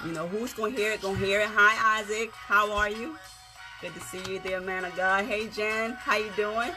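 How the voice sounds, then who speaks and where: A woman from South Carolina with a Lowcountry Gullah-Geechee accent, chatting on a livestream in a folksy way and greeting viewers by name. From Yamassee, South Carolina. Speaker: livestream host. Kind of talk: casual encouraging livestream talk. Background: faint music.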